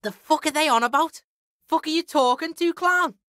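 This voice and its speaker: A woman's voice: high-pitched, moderate pace, fairly bright tone, dry recording, clean studio sound. A woman playing a cocky foul-mouthed street boy. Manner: brash, swaggering, talks of himself in third person. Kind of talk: video game character acting.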